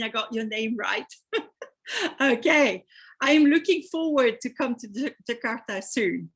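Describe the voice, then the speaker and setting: A middle-aged woman with a French accent hosts a live webinar, chatting easily and greeting attendees by name. Her voice is fairly high and has a husky edge, heard through a computer microphone. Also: a bit bright. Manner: chatty, reads out attendee names. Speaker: webinar host.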